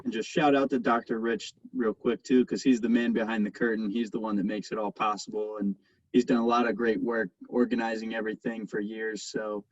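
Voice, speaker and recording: A man's voice: fairly low pitch, level tone, a little fast, no room sound. Laid-back young man on muffled call audio. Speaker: sales competition coach, past winner. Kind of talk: casual coaching talk. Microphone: video call.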